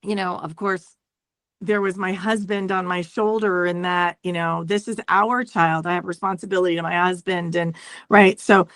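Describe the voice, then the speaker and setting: Low-voiced woman, reflective and halting. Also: fairly even intonation, a bit bright, no echo, studio quality. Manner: reflective, halting, many restarts and "right?" tags. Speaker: guest. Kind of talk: conversational interview.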